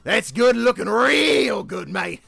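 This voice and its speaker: A man voicing a loud male trainer in a put-on Australian accent, shouting slang with hammy bravado. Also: very high-pitched, lively intonation, takes it slowly, gravelly, slightly rough, soft background music, pitched above the performer's own voice, exaggerated voice. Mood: boisterous.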